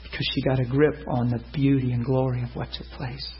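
A man's voice: brisk, a little hiss or hum. Storytelling preacher man, muffled sound. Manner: animated, acts out quotes with sudden loud high bursts. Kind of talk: sermon storytelling.

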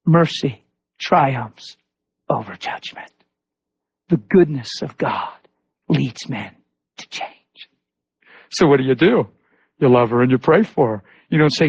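A male preacher delivering a sermon, telling stories in a lively way and acting out the people he quotes. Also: medium pitch, slow, pauses often, breathy edge. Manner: animated storytelling with voiced quotes. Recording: dull lo-fi recording.

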